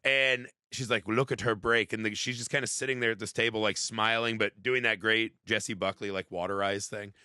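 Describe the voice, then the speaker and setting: A man's voice: on the low side, brisk, few pauses, clean tone, no room sound, clean studio sound. A young man co-hosting a movie podcast, talking casually and profanely and acting out lines from films. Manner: profane, animated, acts out movie quotes. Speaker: podcast co-host. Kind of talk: casual chat.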